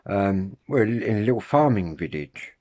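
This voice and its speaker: A man with a Kent accent talks casually to his viewers, rambling through his points. He restarts his sentences often and drops slang as he goes. His voice sits a little low. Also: lively intonation, normal speed, warm tone. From Kent, England. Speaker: vlogger.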